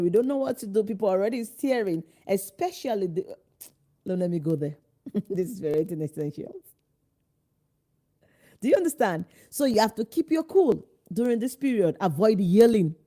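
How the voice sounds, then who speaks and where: Mellow-voiced woman coaching parents. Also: medium pitch. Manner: emphatic, direct advice with rhetorical questions; acts out parents' and children's lines in changed voices. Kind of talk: instructional talk to parents.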